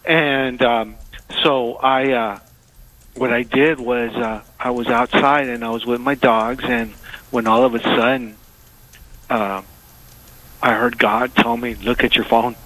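A man calling in to a radio show by phone, telling a heartfelt story haltingly and with many hesitations. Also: mid-range voice, steady tone, fairly bright tone, rough recording. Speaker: caller. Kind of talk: call-in radio talk. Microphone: phone call.

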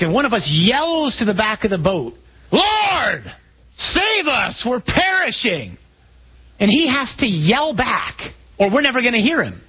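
Man, preacher, sermon, very husky voice, slightly high, animated storytelling. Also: poor audio. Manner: animated storytelling, acting out scenes with raised voice. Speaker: priest.

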